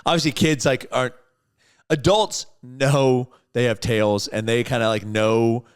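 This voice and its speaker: Smooth-voiced man in casual podcast chat. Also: mid-range voice, measured pace. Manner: relaxed, rambling with many "like"s. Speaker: podcast co-host.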